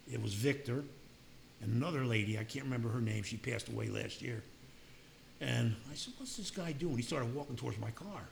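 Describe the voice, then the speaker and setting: Gravelly older man telling his story. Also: mid-range voice, slight background noise. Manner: plainspoken, acts out quoted voices. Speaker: speaker sharing his recovery story. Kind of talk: personal storytelling at a meeting.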